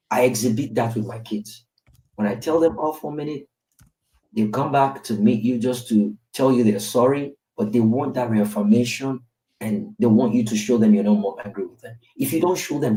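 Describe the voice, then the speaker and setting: Nigerian man, father, candid storytelling, warm mellow tone, heard from a distance. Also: mid-range voice. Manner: candid storytelling with tag questions. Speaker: father, podcast speaker. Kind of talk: reflective casual podcast talk. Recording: roomy, distant mic.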